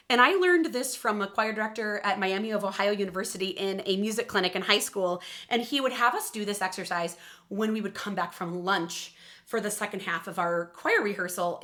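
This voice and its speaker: A woman vocal coach leading a warm-up lesson at the piano, encouraging and upbeat. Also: mid-range voice. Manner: encouraging, upbeat, talks while playing piano.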